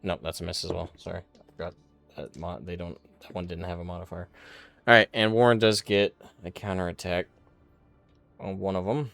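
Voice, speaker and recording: A man narrating as dungeon master, halting and thinking aloud with frequent uhs. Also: low-pitched, steady tone, vocal fry, fairly bright tone, faint music behind. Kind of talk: narrating a tabletop game.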